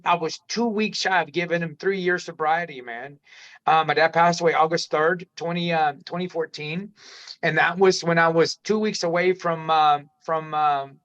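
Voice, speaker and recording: A middle-aged man, guesting on a podcast, tells his life story candidly and ramblingly, often restarting sentences and calling the host "man." His voice sits on the high side and sounds a bit bright. The audio is dull and lo-fi.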